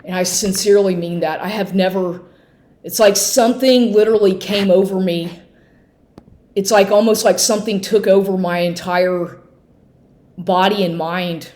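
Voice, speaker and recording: A woman recording herself on a phone at home, telling an emotional personal story in an agitated, halting way with many restarts and swearing. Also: medium pitch, steady tone, mellow. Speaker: vlogger. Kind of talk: emotional personal account to camera. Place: at home, inside and on the porch.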